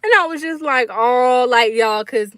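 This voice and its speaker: A woman's voice: on the high side, unhurried, fairly bright tone, clear, resonant tone, no room sound, clean studio sound. A young woman vlogger, chatting casually to her viewers and laughing often. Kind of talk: casual storytelling chat.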